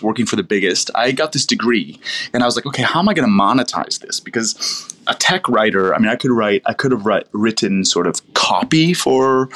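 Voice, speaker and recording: A man's voice: lowish voice, a bit bright. A man from the United States, a wine professional, telling long rambling stories in a casual interview, full of fillers and restarts. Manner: rambling, self-interrupting storyteller with many fillers.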